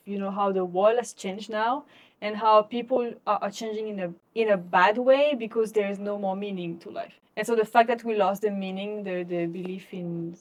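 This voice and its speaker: Young woman co-hosting a casual podcast. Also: medium pitch. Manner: relaxed, reflective, with frequent "you know" and "like". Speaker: podcast co-host. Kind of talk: casual conversation.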